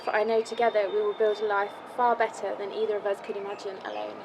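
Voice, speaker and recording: A woman's voice: medium pitch, flat delivery, quick pace, background noise. A woman, the bride, reading her wedding vows outdoors in a park, nervous and close to tears.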